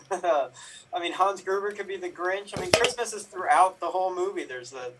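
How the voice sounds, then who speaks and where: A man's voice: high voice, moderate pace, heavy background noise. A man panelist in an improv debate, blunt and offhand in his arguments. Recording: distant mic.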